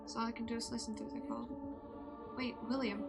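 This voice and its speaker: A woman streamer reading game dialogue aloud, slow and deliberate, voicing each character in turn. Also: a little high, fairly even intonation, creaky. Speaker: VTuber streamer. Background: game music.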